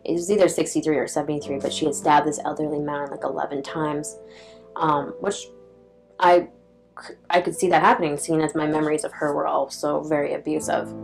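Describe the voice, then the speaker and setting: A young vlogger with a strikingly low, deep voice tells the camera a personal story, rambling casually, leaning on "like," and swearing bluntly. Her tone stays level and fairly quick with a creaky edge. The audio is poor, and faint music plays softly behind her.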